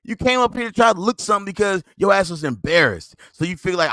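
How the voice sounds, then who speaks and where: High, lively, mocking podcast host man. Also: fast, no echo. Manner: mocking, scolding, laughs at the other man. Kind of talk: heated commentary on a played clip.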